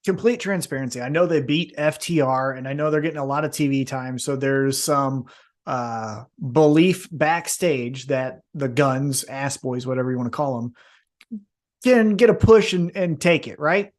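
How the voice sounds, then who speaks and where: A man's voice: medium pitch, normal speed. A man co-hosting a casual podcast, talking animatedly, swearing freely and acting out wrestlers in jumpy voices. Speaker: podcast co-host.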